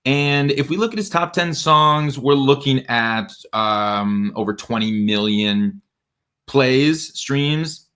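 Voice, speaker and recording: A young man giving an energetic, emphatic livestream talk to musicians, dropping into low asides and jumping up into bright exclamations. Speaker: music industry educator.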